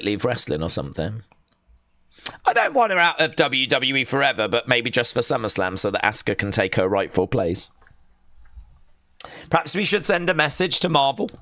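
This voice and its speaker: An excitable young man, hosting a live watch-along stream, chatting, chanting and reading out viewer comments. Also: mid-range voice, no echo, studio quality. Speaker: livestream host.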